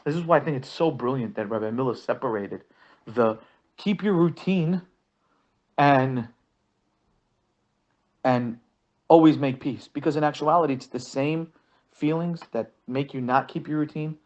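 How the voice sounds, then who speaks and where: A man's voice: mid-range voice, measured pace, pauses often, darkish tone, dull audio. A man teaching as a rabbi, telling examples and often repeating his first words. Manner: repeats words when starting sentences, acts out quotes. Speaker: rabbi teaching a marriage course. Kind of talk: lesson with storytelling examples.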